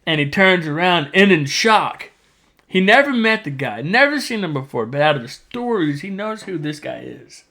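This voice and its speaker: A man talking casually as a podcast host, walking through a book's plot in a loose, rambling way. His voice sits a bit higher than most men's, and he slips into little character voices when he quotes someone. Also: animated, normal speed, bright, forceful tone. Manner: rambling storyteller, acts out quoted lines. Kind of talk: casual chat retelling a novel.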